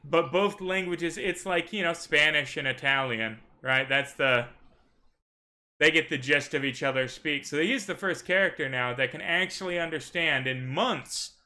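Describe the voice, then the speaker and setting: Theatrical game master with a bright voice. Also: male voice, on the high side, moderate pace. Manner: wordy, theatrical, frequent "uh" and "right?". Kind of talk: narrating a tabletop game.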